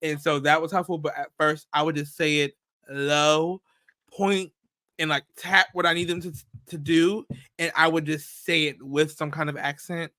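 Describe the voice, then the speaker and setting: A man co-hosting a podcast in casual chat, telling stories in a playful, animated way with quick asides. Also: a little high, dry recording. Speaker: podcast co-host.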